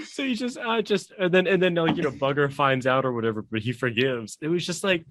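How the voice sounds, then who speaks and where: A man's voice: fairly high pitch, lively intonation, normal speed, a bit bright. A man in a casual book-discussion podcast, laughing often and reading passages aloud between fillers.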